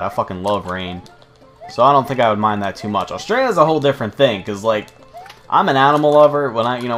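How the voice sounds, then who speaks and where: A man's voice: lowish voice, a bit bright. A young man rambling and swearing freely while commenting on his gameplay. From United States. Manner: rambling, profane, chatty. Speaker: let's play host.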